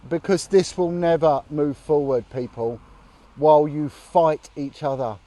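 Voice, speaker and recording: A man vlogs outdoors from a roadside bench on a long walk, speaking a little slowly in a fairly high, steady voice with a dark tone. His casual chat to camera is earnest and indignant, peppered with blunt swearing.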